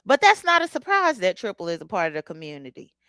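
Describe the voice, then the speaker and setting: A woman's voice: medium pitch, huge pitch swings, fast talker, pushed and bright, no echo. A woman hosting a casual livestream, talking bluntly with features and greeting chat viewers by name. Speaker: livestream host. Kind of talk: casual live commentary.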